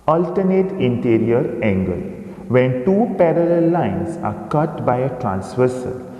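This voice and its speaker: A man teaching a recorded maths lesson, explaining slowly and pointing out figures on screen. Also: medium pitch, sing-song, highs cut off. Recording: echoey room with long reverb.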